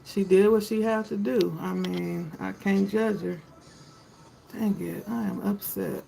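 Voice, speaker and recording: Lady doing a tarot livestream, chatty, says hi to folks by name, kinda fry-ey voice. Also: medium pitch, steady tone, a little slow, warm tone, a little hiss or hum, poor audio. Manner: chatty, talks to viewers by name. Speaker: tarot reader hosting a live stream. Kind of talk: casual live-stream chat with viewers.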